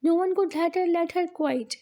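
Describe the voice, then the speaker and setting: A woman teacher, explaining a lesson slowly step by step, often repeating herself. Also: extremely high pitch, mellow. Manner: slow, explaining step by step with repetitions. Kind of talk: classroom lesson on limericks.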